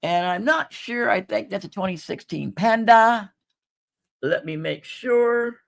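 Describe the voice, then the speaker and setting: Selling coins and jewelry on a relaxed livestream, a high-pitched man talks in an unhurried, creaky voice. He's folksy and talkative, calling his viewers "folks."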